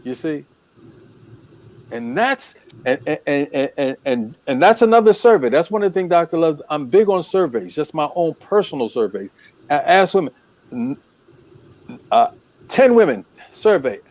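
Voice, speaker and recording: A man talking as a relationship coach on a talk show, animated and preacherly, repeating his points for emphasis. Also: fairly high pitch, moderate pace. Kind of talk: casual talk-show chat. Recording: dull, lo-fi.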